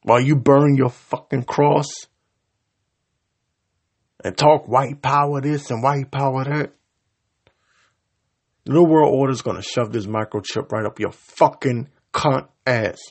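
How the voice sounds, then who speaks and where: A man delivering a profane, confrontational rant straight to his audience, swinging between loud outbursts and low mutters. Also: a little slow, long pauses. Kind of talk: profane angry rant to camera.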